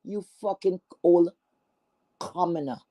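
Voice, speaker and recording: An online streamer goes on an angry, profane callout rant, scornful and confrontational, repeating herself and stumbling through restarts. Her voice is lowish and warm, and she speaks slowly.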